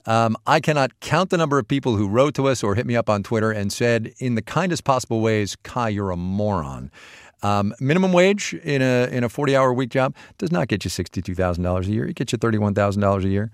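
A man's voice: medium pitch, expressive, quick pace, few pauses, no room sound, clean studio sound. A male radio host in casual banter and a donation appeal, joking and self-deprecating.

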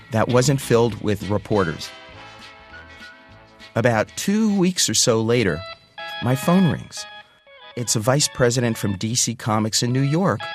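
A man with a low, steady voice recounts his career in lively spoken storytelling, slipping into the voices of the people he quotes. Guitar music plays clearly beneath him.

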